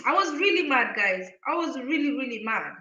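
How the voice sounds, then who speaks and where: A woman vlogger telling a story to camera in a casual, animated and indignant way, acting out the quotes. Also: sits high, fairly quick, reverberant, lo-fi sound, slight background noise.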